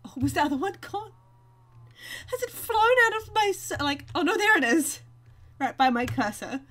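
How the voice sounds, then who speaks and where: A woman narrates her game to viewers in a chatty, giggly way. Her voice sits high and swoops around animatedly, with a bright, sharp tone. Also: expressive, normal speed. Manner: chatty, giggly, talks to viewers while playing. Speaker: gaming video host. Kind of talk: casual let's-play commentary.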